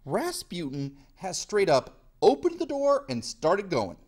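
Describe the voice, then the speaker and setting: A man's voice: high-pitched, huge pitch swings, measured pace, hardly any pauses. A male history teacher giving a casual video lecture in a jokey style full of slang.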